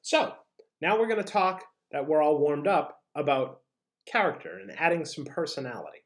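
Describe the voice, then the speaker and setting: A teacher giving an upbeat online lesson, leading face and voice warm-ups with encouraging check-ins. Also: medium pitch, expressive, normal speed. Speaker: drama and language teacher.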